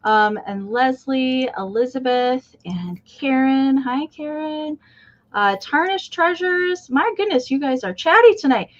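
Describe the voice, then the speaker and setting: Chatty higher-voiced woman hosting a live sale. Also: animated, measured pace, lo-fi sound. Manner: chatty, greets viewers one by one. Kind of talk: casual livestream chat.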